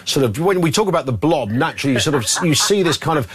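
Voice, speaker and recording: Man, radio phone-in host, chatty, laughing, husky voice, lively pitch. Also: very fast. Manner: chatty, animated, laughs often. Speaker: radio talk show host.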